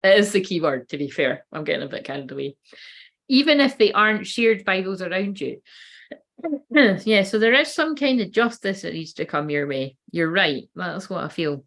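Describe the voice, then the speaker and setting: A woman's voice: medium pitch, expressive, moderate pace, fairly bright tone. A woman in her late thirties giving a casual live-stream card reading, rambling, swearing freely and breaking off mid-sentence. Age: late 30s. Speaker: oracle card reader.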